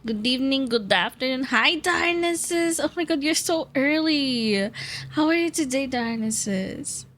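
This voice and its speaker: A woman's voice: high-pitched, animated, unhurried, fairly bright tone, slight background noise. A woman chatting on a live stream, greeting viewers by name and giggling often; she says she feels nauseous and dizzy. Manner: giggly, greets chat by name, bursts of laughter.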